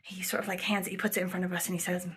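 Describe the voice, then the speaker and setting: A woman's voice: on the low side, flat delivery, racing, fairly bright tone. A woman vlogger telling a travel story in casual, rambling chat, full of "like" and "um," sometimes dropping to a near whisper. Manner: rambling, chatty, full of 'like' and 'um', slips into quoted voices; drops to a near whisper at times.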